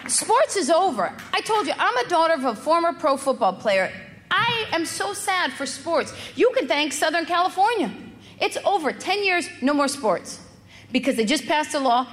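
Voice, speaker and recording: A woman's voice: high voice, fairly bright tone. A middle-aged woman doing stand-up, delivering brash, sarcastic punchlines. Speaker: stand-up comedian. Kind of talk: stand-up comedy set. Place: comedy club stage. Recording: echoey hall, crowd noise. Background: audience laughter.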